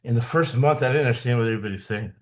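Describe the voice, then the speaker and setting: A man's voice: mid-range voice, racing, crowd noise. A man hosting a sports betting podcast, chatting casually, asking questions and laughing along. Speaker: podcast host.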